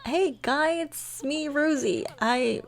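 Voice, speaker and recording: Flustered young woman, as a woman puts her on, stammering, high, rushed, nervous life-sim game character. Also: gravelly, exaggerated voice.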